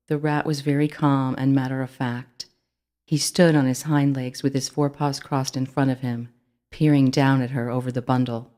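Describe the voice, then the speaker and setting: An author reading their own children's book aloud, in clear, steady storytelling narration. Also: medium pitch, moderate pace.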